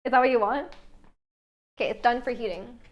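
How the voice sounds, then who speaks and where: A young woman with a high voice chats on a live stream from her home kitchen. She reads viewers' messages aloud and rambles easily between them, filling her sentences with "like". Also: a little fast, highs cut off. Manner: chatty, reads chat aloud, many "like" fillers. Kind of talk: casual live-stream chat while baking.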